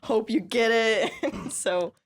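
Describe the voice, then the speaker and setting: A woman's voice: on the high side, takes it slowly. A woman from California, a country fiddle player guesting on a podcast, telling stories in a chatty, upbeat way with frequent laughs and lots of "like" and "you know". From California, USA. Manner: chatty and upbeat, laughs often between phrases; tells stories lively, with many fillers like "like" and "you know". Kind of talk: casual interview storytelling.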